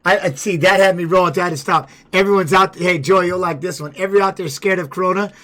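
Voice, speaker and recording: A man and former fighter chatting casually, telling rambling stories with animated bursts. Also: sits high, fast. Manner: rambling, animated storytelling with laughs. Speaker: podcast host and former fighter. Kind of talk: casual chat and storytelling.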